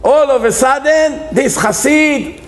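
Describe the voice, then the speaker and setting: A man's voice: a little high, measured pace, a little hiss or hum. A man, a rabbi, giving a humorous sermon, animatedly acting out the figures. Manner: animated storyteller acting out characters in quotes.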